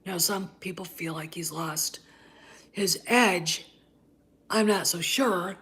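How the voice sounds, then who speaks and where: A woman hosting a commentary vlog, ranting in a heated, scornful way, often tagging "okay?" and dropping into breathy near-whispered asides. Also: fairly low pitch, slow, fairly bright tone. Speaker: channel host.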